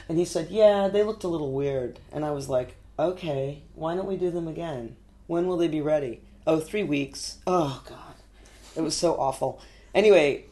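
A woman's voice: deep voice, warm tone. Woman guest, New York, casual storyteller, laughs often, filler-heavy. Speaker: artist guest.

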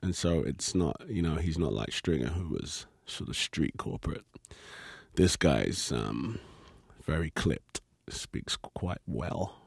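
A man's voice: rumbling low, takes it slowly, creaky, breathy edge, no echo, clean studio sound. A British man, an actor, chatting as an interview guest, laughing easily and telling stories with lots of fillers. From Britain. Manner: laughs easily, relaxed storytelling with many fillers. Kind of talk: casual interview chat.

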